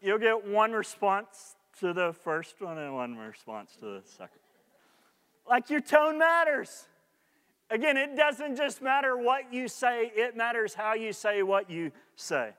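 A man's voice: high voice, lively intonation, a little slow, sharp tone, clean tone, big-room sound. A man preaching a sermon as pastor, earnest and repeating his key points for emphasis.

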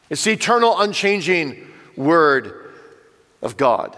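An older man teaches earnestly, speaking straight to the parents in front of him. His voice sits a little high for a man. Long reverb from a church hall trails behind every phrase. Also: lively intonation, moderate pace, fairly bright tone. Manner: earnest, direct address to parents. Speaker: Bible teacher.

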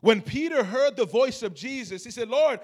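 A man with a high voice preaches a sermon to a church congregation. He tells the story and moves between low, quiet asides and loud, emphatic calls. He often turns to the listeners and asks them to answer. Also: expressive, normal speed. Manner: talks to the congregation and asks for responses. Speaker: pastor.

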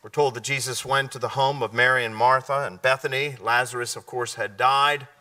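A man preaching a sermon, often asking his listeners questions and answering them, sometimes dropping to a hushed, slow delivery. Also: mid-range voice, fairly even intonation, distant mic. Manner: drops to a hushed, slow delivery at key points.

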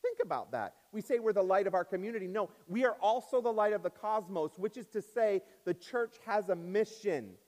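A man preaching to his congregation in a church sanctuary, his voice sitting a little high for a man. He rises and falls in pitch and volume and draws out the words he stresses. A long reverb trails behind him. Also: lively intonation. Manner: preaches with swings in pitch and loudness, drawn-out stresses. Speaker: pastor. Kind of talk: sermon.

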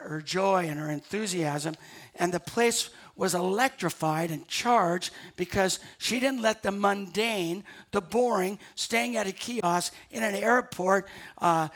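A man's voice: high voice, a bit bright. A man preaching a sermon to his church, repeating key lines for emphasis and telling stories with quoted dialogue. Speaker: pastor.

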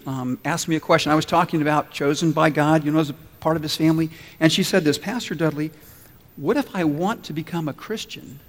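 Male pastor, fairly high voice, earnest storytelling sermon, long church reverb. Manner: earnest storytelling preacher, acts out quotes.

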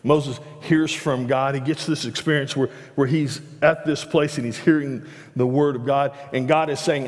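A man's voice: mid-range voice, fairly even intonation, moderate pace, hardly any pauses, big-room sound. A man preaching a sermon in a church, conversational, stumbling over restarts and rising animatedly at key points. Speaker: pastor. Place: church sanctuary.

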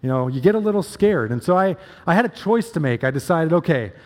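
A man's voice: fairly high pitch, lively intonation, quick pace, a little mellow. A male pastor preaching a sermon, telling a story with emphatic, repeated phrases. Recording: long hall reverb.

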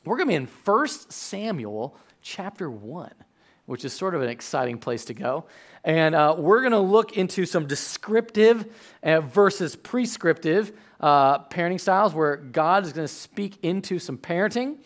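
A man in his thirties giving a sermon as a pastor, chatty and animated, telling stories with sudden loud outbursts. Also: on the high side, moderate pace.

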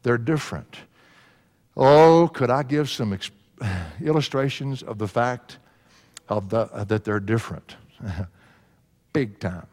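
A man's voice: medium pitch, slow pace, long pauses, a little mellow. A man preaching a sermon, folksy and laughing at his own stories. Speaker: pastor. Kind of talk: sermon with storytelling. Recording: long hall reverb.

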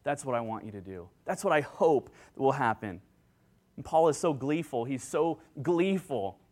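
A man preaching a sermon as pastor, earnest and excitable, acting out joyful quotes, speaking into a handheld microphone. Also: mid-range voice, moderate pace. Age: adult with children.

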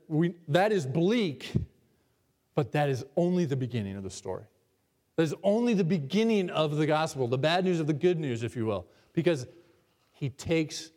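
A male pastor preaching a sermon to his congregation, emphatic and varying between loud and hushed, asking the people questions. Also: mid-range voice, long reverb tail.

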